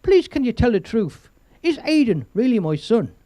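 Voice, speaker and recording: Bloke doing dying old fella begging his wife, slow, earnest, dry sound. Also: very high-pitched, big pitch swings, warm tone, no room sound, pitched above the performer's own voice. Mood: pleading. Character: dying old man, pleading, anxious.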